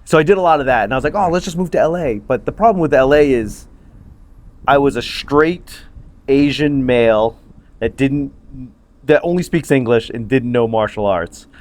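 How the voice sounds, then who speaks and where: A man co-hosting a casual podcast chat outdoors, telling stories with a quick, joking manner. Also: mid-range voice, darkish tone. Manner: storytelling, quick to joke and laugh. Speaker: podcast co-host. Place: backyard, outdoors. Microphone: phone livestream.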